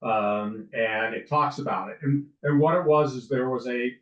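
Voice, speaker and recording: A man's voice: mid-range voice, moderate pace. A man in his sixties, a lawyer and interview guest, telling stories in a rambling way with many restarts and fillers. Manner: rambling, with frequent restarts and ums. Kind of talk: casual interview storytelling. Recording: distant, roomy, dull sound.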